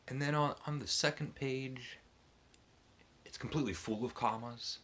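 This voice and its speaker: A man's voice: medium pitch, moderate pace, fairly bright tone, pitched above the performer's own voice, lightly acted. A man voicing a blunt, well-spoken older male friend who asks pointed questions.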